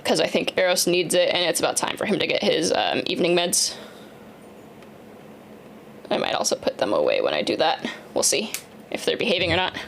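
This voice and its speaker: A woman in her thirties chatting casually on a live stream as she works, often turning to coo at her dogs in a higher, sing-song voice. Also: very animated, brisk, creaky, long pauses, slight background noise. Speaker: livestreamer building a keyboard.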